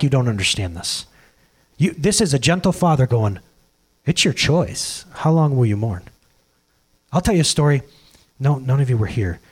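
A man in his thirties preaches with a bright, high voice that leaps up and down. He tells stories casually and jokingly, full of quick asides and laughter. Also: breathy edge. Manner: animated, jokey storytelling with laughs and quick asides. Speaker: pastor. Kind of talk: sermon.

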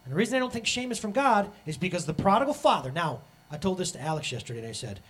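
A man in his thirties preaching a sermon as pastor, animated and acting out the voices he quotes. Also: high-pitched, racing, breathy edge.

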